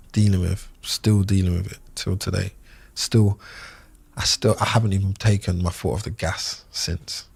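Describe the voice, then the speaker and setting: A man in his thirties, a podcast guest, recalling a loss in a halting way with many fillers and restarts. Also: sits low, vocal fry, breathy edge. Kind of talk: emotional interview recollection.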